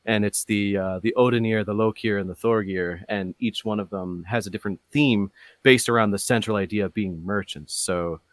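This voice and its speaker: A man chatting casually about his hobby, rambling with many fillers and restarts, getting animated as he goes. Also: on the low side, moderate pace, no room sound. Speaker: podcast guest. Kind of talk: casual chat.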